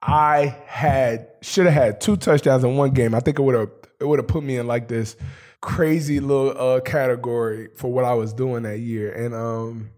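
A man's voice: medium pitch, fairly even intonation, moderate pace, darkish tone. A man, a pro football player, telling stories animatedly in an interview, laughing along the way. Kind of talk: casual interview answers.

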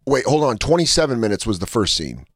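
A man's voice: mid-range voice, fast, slightly rough, no echo, clean studio sound. A male comedian co-hosting a podcast, riffing casually and steering the conversation. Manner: animated, riffs and steers the conversation.

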